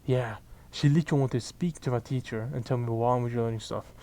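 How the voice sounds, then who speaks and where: Mellow-voiced young man ranting. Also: medium pitch, a little fast. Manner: profane, exasperated, animated storytelling. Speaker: vlogger. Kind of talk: casual ranting monologue.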